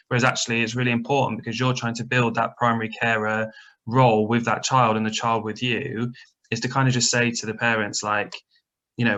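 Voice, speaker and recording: A man's voice: medium pitch, little pitch movement, fairly quick, a bit bright. A man and adoptive parent talks casually on a video call webinar. He rambles a little and uses many fillers. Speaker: adoptive parent on the membership team.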